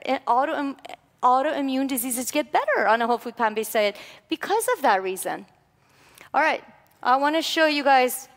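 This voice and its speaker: Woman lecturer, high and animated, playful, in a lecture hall with a long echo. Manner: animated, playful, coaxing volunteers. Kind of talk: lively classroom lecture with demonstration.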